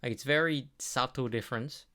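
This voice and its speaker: A man's voice: medium pitch, pushed and bright. A young adult man with an Australian accent, chatting casually and swearing now and then. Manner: slow, drawling, swears casually. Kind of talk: casual chat.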